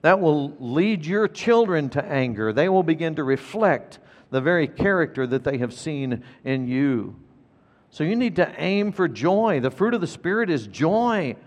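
Brief: middle-aged man, pastor, earnest emphatic sermon, slightly high voice, long reverb. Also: lively intonation, measured pace. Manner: earnest, emphatic, repeats key points. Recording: long reverb of a large hall.

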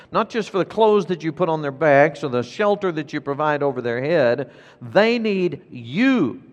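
Emphatic pastor preaching in a reverberant hall. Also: male voice, on the high side, highs cut off. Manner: emphatic, repeats key phrases. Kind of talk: sermon.

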